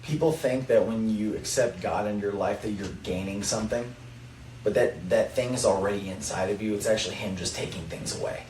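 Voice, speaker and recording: Young male athlete guest, deep and earnest, recorded off-mic in an echoey room. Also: fairly quick, a little mellow. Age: young adult. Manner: earnest, testifying. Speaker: college basketball player. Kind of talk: faith-focused podcast chat. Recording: roomy, distant mic, faint noise.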